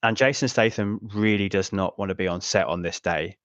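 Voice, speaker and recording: Wry, low-voiced male guest on dry lo-fi audio. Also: brisk, fairly bright tone, no echo. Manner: wry, analytical. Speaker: podcast guest. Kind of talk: casual film discussion.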